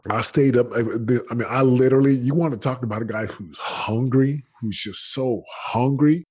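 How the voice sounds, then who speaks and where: A man in his late thirties, a guest in an interview, telling his story in an energetic, emphatic way with lots of slang and restarts. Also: mid-range voice, normal speed, slightly rough. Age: late 30s.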